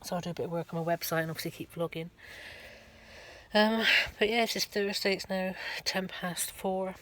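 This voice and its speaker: A woman's voice: fairly low pitch, fairly even intonation, moderate pace, fairly bright tone. A middle-aged woman, giving a rambling, chatty vlog update from her van at a garage, full of ums and restarts. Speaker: van life vlogger.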